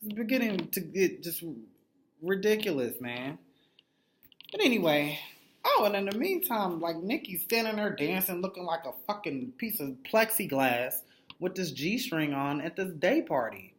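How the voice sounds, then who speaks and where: A man's voice: high voice, sing-song, measured pace. A man recaps a reality show episode in a loose, foul-mouthed way. He is blunt and gossipy and keeps acting out the lines of the people he talks about. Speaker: TV recap reviewer. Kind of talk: casual, profanity-heavy reality show recap.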